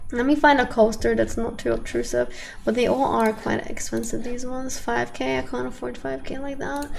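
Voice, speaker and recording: A young woman streams a park-building game with a slightly high voice that carries a gravelly rasp. She talks to her viewers in a chatty, exasperated way, and faint noise sits under the recording. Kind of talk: casual gameplay commentary.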